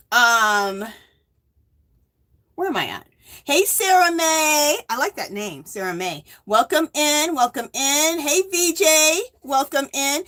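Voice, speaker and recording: A woman in her fifties from the US West Coast hosts a casual livestream, greeting viewers by name and rambling into asides. Her voice is a little high with a fairly bright tone.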